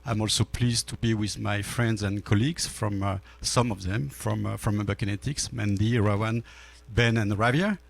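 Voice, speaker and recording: A gravelly, low-voiced man in his fifties speaks English with a French accent. He gives panel remarks at a business forum, pausing often on fillers and restarting his sentences. His voice has a rough, creaky edge. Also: steady tone. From France. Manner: halting, many fillers and restarts. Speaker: panel speaker, energy storage executive.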